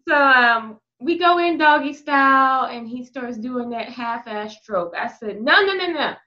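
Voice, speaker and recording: A woman with a high voice recounts a story bluntly and with energy, in an easygoing chat style. The sound is muffled and lo-fi, like a home podcast recording. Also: measured pace. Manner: frank, explicit, lively anecdote telling. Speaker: podcast guest. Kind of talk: casual candid storytelling.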